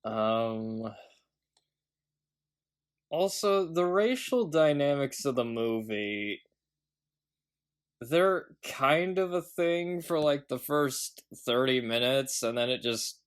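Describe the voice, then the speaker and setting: Male podcast co-host, mid-range pitch, loose rambling delivery full of ums and asides. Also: lively intonation, slow, pauses often, clean tone. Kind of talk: casual film review chat.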